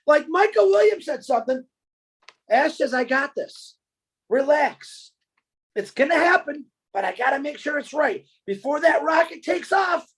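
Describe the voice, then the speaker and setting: A man's voice: very high-pitched, breathy edge, poor audio. A man giving a fervent motivational webinar speech, repeating himself and often raising his voice. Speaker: webinar presenter.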